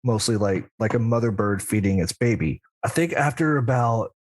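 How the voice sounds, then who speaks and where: A man's voice: on the low side, moderate pace, no room sound. Rambling man telling his story. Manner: rambling, with frequent asides and laughs. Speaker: practicing demonologist guest. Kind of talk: casual storytelling interview.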